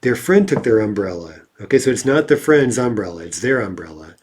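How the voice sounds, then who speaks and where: A man teaching a language lesson, working through grammar exercises in a conversational way, reading example sentences slowly and often checking in with "right?". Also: on the low side, very animated, slight background noise.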